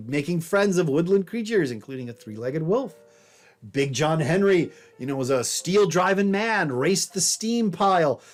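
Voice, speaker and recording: Wry man lecturing over soft piano. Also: on the high side. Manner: wry, conversational storyteller. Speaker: history professor. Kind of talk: recorded lecture. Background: faint jazz piano.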